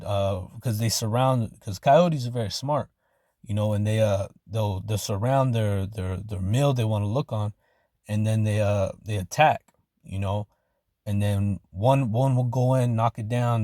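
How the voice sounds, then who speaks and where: A man preaching an informal sermon in casual street slang, filling his talk with "man" and "okay", and slowing down to read scripture loudly. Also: lowish voice, no room sound, clean studio sound. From Arizona, United States. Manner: reads scripture slowly and loudly.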